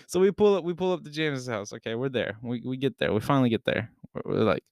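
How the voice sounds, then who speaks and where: A young man telling a story in casual chat, profane and animated, shouting when he retells what was said. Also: mid-range voice, fast, hardly any pauses, no room sound, clean studio sound.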